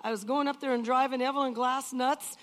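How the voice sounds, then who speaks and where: A woman's voice: high voice, steady tone, fairly quick, fairly bright tone. An older woman giving an emotional personal testimony in an earnest, emphatic way, often repeating phrases.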